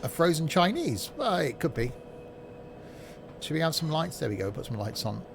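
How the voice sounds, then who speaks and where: Male game streamer, fairly high, chatty and easily exasperated. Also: sing-song, vocal fry, slight background noise. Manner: chatty, self-mocking, quick to exasperation. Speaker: streamer playing a train simulator. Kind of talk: casual gameplay commentary.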